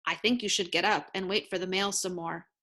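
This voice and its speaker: A woman reading a storybook aloud, voicing a cheerful, caring male frog in a bright, eager, coaxing voice. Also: lowish voice, fairly even intonation, a little fast.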